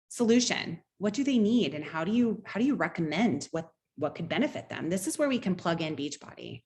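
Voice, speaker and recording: Upbeat quick-talking woman coach. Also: mid-range voice, big pitch swings, a little mellow. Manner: upbeat, quick, conversational teaching with personal stories. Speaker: sales team coach. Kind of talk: online training presentation.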